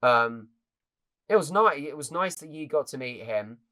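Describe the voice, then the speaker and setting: A man's voice: fairly high pitch, expressive, normal speed, sharp tone. A young man in his twenties co-hosting a podcast, chatting casually and earnestly with many restarts. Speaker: podcast co-host. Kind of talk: casual chat.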